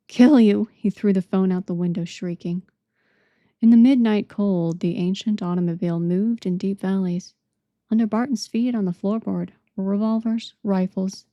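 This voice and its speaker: Woman, audiobook narrator, measured dramatic reading, mellow tone, dry close sound. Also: medium pitch, no echo, dull audio.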